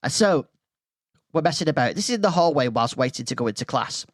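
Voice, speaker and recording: Lively, rambling podcast host. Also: male voice, on the high side, fairly quick, no room sound, clean studio sound. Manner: rambling, goes off on tangents. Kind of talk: casual storytelling monologue.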